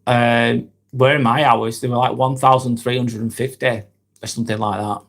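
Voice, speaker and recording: A man's voice: medium pitch, little pitch movement, normal speed. A man in his forties from near Manchester, with a Lancashire accent, hosting a casual live vlog and answering viewers by name. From Northwest England. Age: 40s. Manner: reads viewer comments aloud and answers each by name, friendly and reflective. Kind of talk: casual live-stream chat.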